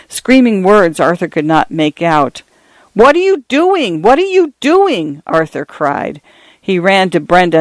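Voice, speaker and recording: A man narrating literary fiction in a measured, tense, dramatic reading. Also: fairly high pitch, no echo.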